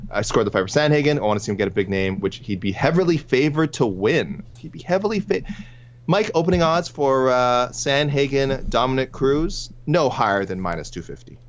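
A man's voice: medium pitch, expressive, a little fast, few pauses, highs cut off. A man co-hosting a podcast, reading listener emails in a rambling, casual way and tripping over names. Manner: rambling, self-correcting, stumbles over names. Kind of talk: casual chat.

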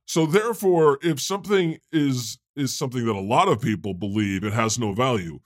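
A man's voice: mid-range voice, no room sound, clean studio sound, lightly acted. A man playing God, a chatty male deity who hosts an improvised comedy podcast. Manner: conversational, quick to laugh, animated. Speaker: host.

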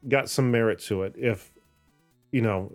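Animated, laughing podcast host man. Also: lowish voice, normal speed, faint music behind. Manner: animated, laughs often, swears casually. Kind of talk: casual chat.

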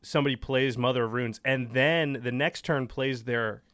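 A man's voice: mid-range voice, steady tone, moderate pace, a bit bright, no room sound. A man co-hosting a card game podcast, explaining cards in casual chat with dry jokes. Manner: explains card rules, jokey. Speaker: podcast co-host.

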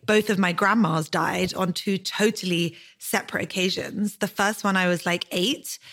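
A woman's voice: on the low side, a bit bright. Earnest woman podcast host. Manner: earnest, candid, emotional storytelling. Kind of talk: podcast conversation.

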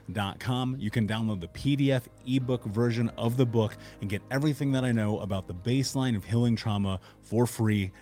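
A man's voice: on the low side, dark tone. Man, podcast host, direct promotional read, faint music bed. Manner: direct and promotional, repeats the web address. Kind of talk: podcast ad read and interview questions.

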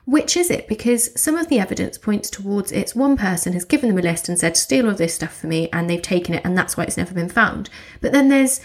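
A woman's voice: mid-range voice, brisk, few pauses. Woman telling a true-crime case. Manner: lively storytelling, laughs often. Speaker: podcast co-host telling a case. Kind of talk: casual chat.

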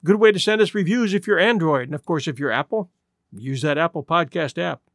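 A man narrating classic short stories for his podcast, reading in a measured, expressive way, then thanking listeners in a relaxed, friendly tone. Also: a little high, dry recording, clean studio sound. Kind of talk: storybook narration and podcast sign-off.

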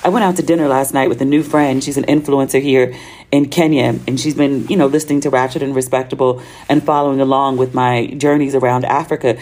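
A woman's voice: extremely low pitch, fairly even intonation, brisk, darkish tone. Chatty American woman podcast host. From United States. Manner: chatty storytelling with slang and quoted dialogue. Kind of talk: casual solo podcast monologue.

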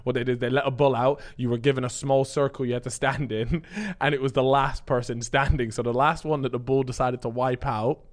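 A man's voice: mid-range voice, steady tone, brisk, hardly any pauses. Young man, podcast co-host, loose slangy storyteller. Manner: rambling storyteller, heavy slang. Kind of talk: casual chat.

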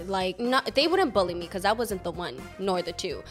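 A woman's voice: medium pitch, expressive, normal speed, faint music behind. A young woman with a Los Angeles accent, talking frankly and casually as a guest, swearing now and then and slipping into Spanish. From Los Angeles area. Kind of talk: casual chat, switching between English and Spanish.

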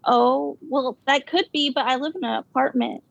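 A woman telling a ghost story in a casual, halting way, full of fillers and nervous asides. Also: sits high, vocal fry, dry recording. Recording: dull, dry lo-fi sound.

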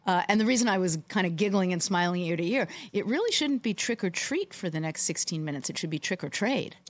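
Woman cohost spinning a joke, slightly low voice, lively telling. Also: fast talker, no echo. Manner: storytelling, animated. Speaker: podcast co-host. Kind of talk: casual sports chat.

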